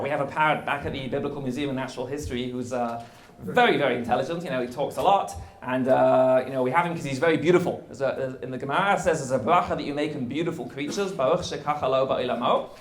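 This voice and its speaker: A man speaking as a guest rabbi, giving a conversational lecture and explaining things in a lively way with wry jokes. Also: mid-range voice, quick pace, reverberant.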